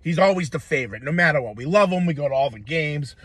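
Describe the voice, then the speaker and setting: A man's voice: a little high, animated, fast, a bit bright, breathy edge, no room sound. A man from Massachusetts in a casual comedic rant, rambling and swearing, full of "like" and "you know".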